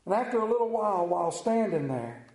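A man preaching, reading a Bible passage aloud slowly and with emphasis. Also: sits high, very animated, a little mellow, reverberant, rough recording. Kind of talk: scripture reading in a sermon.

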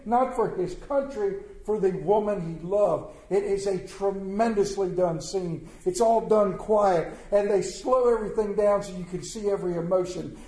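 Folksy dramatic preacher man, echoey hall. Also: high-pitched. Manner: dramatic storyteller, swinging from loud to hushed; folksy, plainspoken. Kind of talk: storytelling sermon. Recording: echoey room.

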